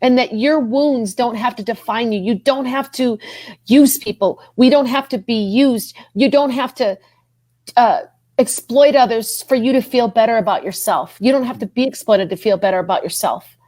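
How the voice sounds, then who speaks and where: A woman with a fairly high, dark-toned voice speaks at a moderate pace in a dry recording. She's a podcast guest sharing her personal faith story, earnest and repeating herself, her voice climbing when she is moved, an emotional testimony.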